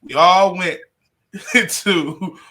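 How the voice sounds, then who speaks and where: Animated, bright-voiced storytelling comedian. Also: male voice, sits high, drawn-out words. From Detroit, USA. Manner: animated storyteller, laughs often, curses. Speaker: comedian guest. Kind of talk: casual storytelling interview.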